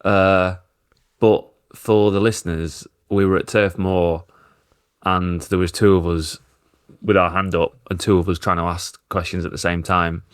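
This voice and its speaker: A man's voice: low-pitched, level tone, unhurried, smooth, no room sound, studio quality. A man with a Northern English accent, a football journalist telling self-deprecating stories in casual podcast chat.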